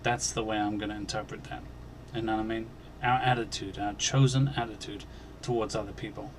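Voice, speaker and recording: A man hosting a Christian channel, earnestly recounting a dream as personal testimony, halting and restarting, and growing emphatic on key points. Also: fairly low pitch, fairly even intonation, slight background noise. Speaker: Christian video channel host.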